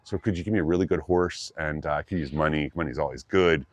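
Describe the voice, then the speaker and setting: A man's voice: a bass voice, quick pace, no echo. A man voicing a laid-back young drifter in a casual, rambling, slangy way. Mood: easygoing.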